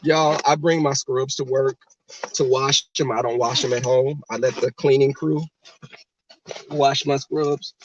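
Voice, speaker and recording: A man's voice: medium pitch, fairly even intonation, a little slow, muffled recording, slight background noise. A man casually chatting and telling stories to his livestream viewers from a car. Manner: chatty, talks straight to the chat.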